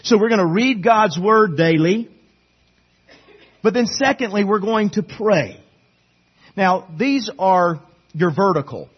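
A man's voice: high-pitched, expressive, slow pace, long pauses, husky, lo-fi sound. A middle-aged man preaching a sermon to his church as their pastor, earnest and pleading, urging them again and again. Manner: earnest, pleading, repetitive exhortation. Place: church sanctuary.

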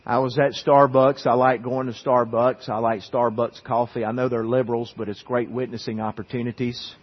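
A man's voice: mid-range voice, level tone, normal speed. A man preaching a sermon, telling a personal story in a conversational way, with frequent restarts and asides to the congregation. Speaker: pastor. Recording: dull muffled recording with long hall reverb.

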